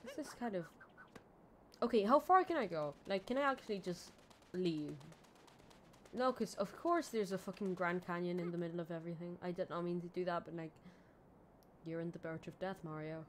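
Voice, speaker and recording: A woman streaming a video game, rambling and joking to herself, swinging from low mumbles to sudden squeals. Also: expressive, moderate pace, slight background noise. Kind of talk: casual let's-play commentary.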